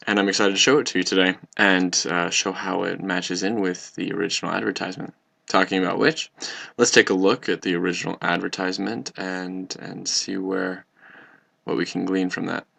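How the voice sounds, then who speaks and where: A man's voice: low-pitched, little pitch movement, normal speed, gravelly, fairly bright tone. A young man, a communications student, giving an earnest, explanatory class presentation. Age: young adult.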